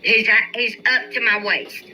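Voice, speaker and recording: Bright-voiced woman venting on a livestream. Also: on the high side, steady tone, measured pace, soft background music, rough recording. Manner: exasperated venting, profane, drawling. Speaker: YouTube live streamer. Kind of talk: casual live-stream chat reading viewer comments.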